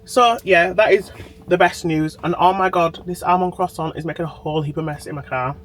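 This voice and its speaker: A woman's voice: fairly low pitch, a little fast, poor audio. A woman chatting to camera in a diary vlog, sitting in a parked car and talking into her phone. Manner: bubbly, chatty, talks straight to camera. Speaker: vlogger.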